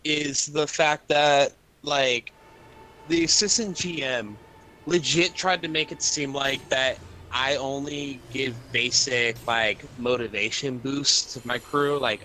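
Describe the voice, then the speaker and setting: A man's voice: mid-range voice, measured pace, bright, forceful tone, slight background noise. A young man streaming and ranting about his work day in casual chat, cursing a lot and filling with "like". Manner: profane, rambling venting with lots of fillers.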